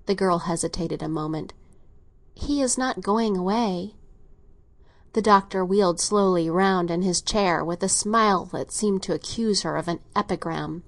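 A woman narrating a classic novel in a steady, even storytelling manner. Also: lowish voice, moderate pace, few pauses. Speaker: audiobook narrator. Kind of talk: scripted narration.

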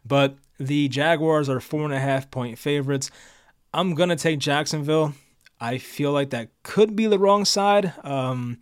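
A young man talks casually through his picks, hedging and second-guessing himself as he goes. His voice sits at an ordinary middle pitch. The sound is dry and close, with no room around it. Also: no echo. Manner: casual, thinking aloud with fillers and second-guessing. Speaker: sports video host. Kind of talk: casual solo sports preview.

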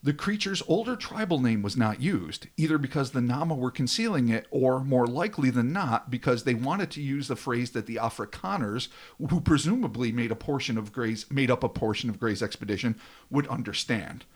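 A man's voice: medium pitch, expressive, fairly quick. Man, podcast host, dramatic script reading, joking asides. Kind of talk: casual storytelling podcast.

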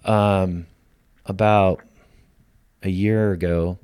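A middle-aged man, a podcast guest, telling a personal story in a lively way and acting out the lines of the people in it. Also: deep voice, very slow, clear, resonant tone, no echo, clean studio sound. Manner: lively storyteller who acts out quoted lines. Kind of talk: storytelling in casual conversation.

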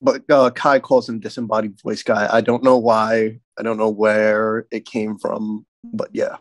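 A man's voice: lowish voice, flat delivery, no room sound. Rambling American man on a call. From United States. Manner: rambling, halting with fillers. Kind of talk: casual video call chat.

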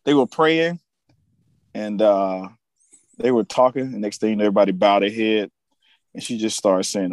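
A man co-hosting a casual podcast chat, an animated storyteller who laughs often and acts out movie lines. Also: lowish voice, moderate pace, pauses often, no room sound. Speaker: podcast co-host.

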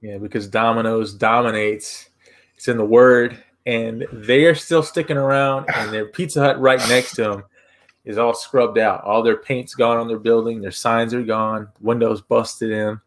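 A man co-hosting a podcast in loose, joking banter, blunt and quick to swear. He talks at a middling pitch, sometimes with food still in his mouth. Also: steady tone. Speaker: podcast co-host. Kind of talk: casual podcast chat.

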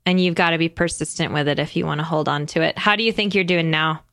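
A woman hosting a podcast in casual conversation, chatty and animated, with lots of fillers and frequent laughs. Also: low-pitched, fast, no echo. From United States. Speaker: podcast host.

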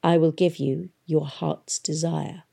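Woman reading as a scheming mayor, falsely cheery, low gravelly voice, audiobook. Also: level tone, takes it slowly, mellow, exaggerated voice. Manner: smooth, cheerful with cold menace. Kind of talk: audiobook character voice.

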